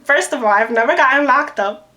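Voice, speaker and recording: A young woman in a storytime vlog, animated and acting out the people she quotes. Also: high-pitched, fairly quick. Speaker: vlogger. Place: New York City.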